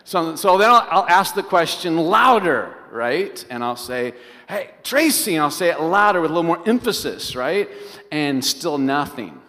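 A middle-aged pastor preaches with a slightly raised voice, telling stories in an animated way and turning to the congregation with quick questions. His sermon rings out through a large hall with a long reverb trailing after each phrase. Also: on the high side. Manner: animated storyteller, often asking the congregation questions.

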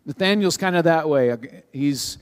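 A male pastor giving a sermon to his congregation in a conversational, animated way, with frequent restarts. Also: fairly high pitch, unhurried, clean tone. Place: church sanctuary with a live congregation. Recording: long hall reverb.

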